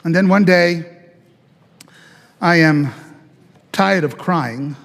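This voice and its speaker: High-voiced pastor telling his testimony. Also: slow, vocal fry, fairly bright tone, long reverb tail. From Italy. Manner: conversational, chatty with fillers and audience asides. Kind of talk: testimony sermon storytelling. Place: church sanctuary.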